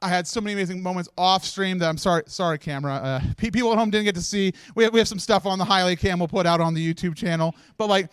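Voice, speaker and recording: The marathon organizer's final speech on the charity livestream set is halting and tearful, his high, smooth voice restarting lines and breaking into laughter through the tears. It's an emotional live moment, recorded close and dry with no room sound.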